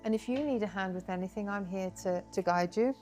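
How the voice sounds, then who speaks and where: A crafting workshop host guides her guests through a project at an indoor table, talking a little fast over music in an ordinary middle-pitched voice. Chatty and encouraging, she offers warm praise and explains each step plainly as a hands-on tutor.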